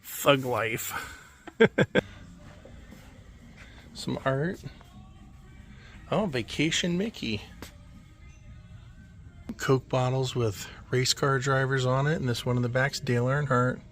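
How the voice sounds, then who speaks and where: Male vlogger, mid-pitched, easygoing running commentary in an indoor shop, faint background music. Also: slow, long pauses. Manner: relaxed, offhand remarks with chuckles. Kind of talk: casual walkthrough commentary. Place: indoor antique mall.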